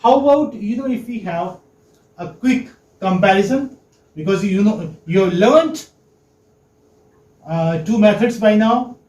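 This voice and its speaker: A man's voice: high-pitched, animated, unhurried, long pauses, a little mellow. A man lecturing a class, asking questions and repeating each point. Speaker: English teaching lecturer. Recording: echoey classroom.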